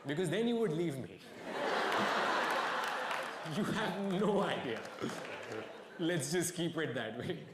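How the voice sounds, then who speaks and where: A young man performs stand-up, his fairly high voice swinging widely between dry deadpan asides and mock outrage. He is captured on stage in a roomy, echoing venue, with clear audience noise around him. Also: takes it slowly, pauses often. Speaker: stand-up comedian. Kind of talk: stand-up comedy set. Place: stage before a live audience. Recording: echoey live venue with crowd noise.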